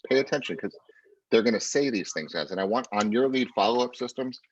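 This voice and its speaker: A man's voice: mid-range voice, fairly quick, a little hiss or hum. A man coaching real estate agents over a video call, driving his points home with lots of "right?" and "pay attention". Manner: energetic coaching, repeats "right?" and "pay attention", acts out client quotes. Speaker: real estate sales trainer. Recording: muffled dry lo-fi audio.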